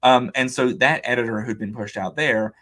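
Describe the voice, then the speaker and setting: A man's voice: mid-range voice, normal speed. A man guest on an interview podcast, casually telling a long anecdote, acting out what others said and using lots of "like" and "um". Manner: animated anecdote-telling, quoting others' words, frequent "like" and "um". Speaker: author and illustrator guest.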